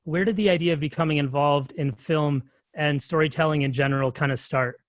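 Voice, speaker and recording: A laid-back host runs a casual interview and throws in slangy encouragement between questions. The mid-pitched voice sounds dry and close, with no room echo. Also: steady tone, fairly quick. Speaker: podcast host.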